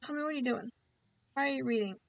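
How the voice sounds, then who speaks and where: A woman streaming video games in casual commentary, playfully cooing at in-game animals in a high baby voice. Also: fast talker, gravelly, no echo, muffled recording.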